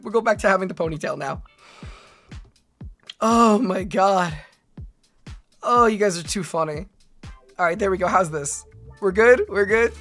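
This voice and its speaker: A woman in her thirties streaming as a VTuber, chatting excitably with her viewers, laughing often and breaking into squealing exclamations. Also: mid-range voice. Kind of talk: livestream reaction chat.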